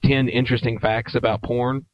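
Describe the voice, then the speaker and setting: A man co-hosting a casual podcast, deadpan and offhand, often restarting his sentences. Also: medium pitch, moderate pace, no echo. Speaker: podcast co-host. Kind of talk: casual chat. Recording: dull lo-fi audio.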